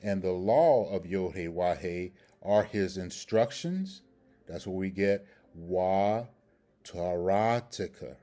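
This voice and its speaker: A man with a very low, dark, mellow voice leads a scripture language lesson. He explains each point slowly and with care, and he keeps checking in with his listeners with "okay?" and "all right?". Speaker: Hebrew grammar teacher.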